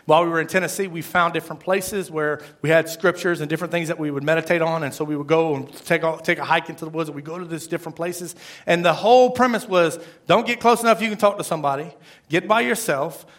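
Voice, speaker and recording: The voice is a little high, a bit bright, and fast: a pastor from Florida in the middle of a sermon. He leans on emphasis and repetition, often turning to the crowd with "right?"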